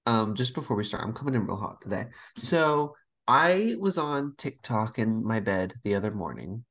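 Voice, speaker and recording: Animated woman telling stories. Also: extremely low pitch, moderate pace. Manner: animated storyteller, acts out quoted voices. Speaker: podcast co-host. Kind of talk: casual chat.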